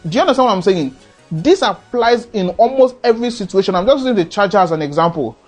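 A man's voice: high voice, expressive, fast talker, faint music behind. Earnest Nigerian man giving life advice. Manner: earnest, lecturing, acts out quoted dialogue. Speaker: motivational speaker. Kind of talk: advice monologue.

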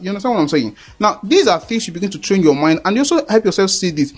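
Earnest preacher man, slightly high voice. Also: expressive, a little fast, faint music behind. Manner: earnest, repetitive, asks "do you understand". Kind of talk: sermon.

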